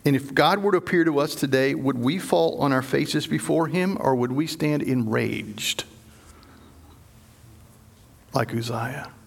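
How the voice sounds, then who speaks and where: A man preaching a sermon, dramatic, dropping to low hushed tones for emphasis and acting out the voices he quotes. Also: moderate pace, gravelly, breathy edge. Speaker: pastor.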